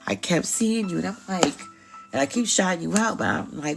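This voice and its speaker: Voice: medium pitch, lively intonation, a little fast, vocal fry, music in the background. A tarot reader hosting a live stream, talking casually and bluntly with slang, swearing and frequent laughs.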